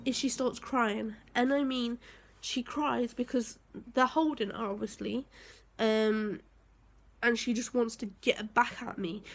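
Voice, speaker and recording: A young woman telling a rambling story to her vlog viewers, with many fillers and heated bursts. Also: sits high. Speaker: vlogger.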